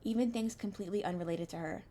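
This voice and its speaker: A woman's voice: mid-range voice, fast, a little hiss or hum. Young woman reading a visual novel aloud. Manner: expressive, anxious narration with stumbles. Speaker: streamer.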